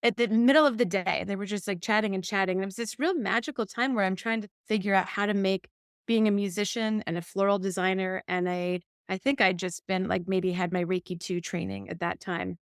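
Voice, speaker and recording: A woman's voice: mid-range voice, fairly quick, smooth, dry recording, studio quality. A woman co-hosting a podcast, telling a personal story in casual chat and acting out the quoted voices. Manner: animated storyteller, acts out quotes. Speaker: podcast co-host.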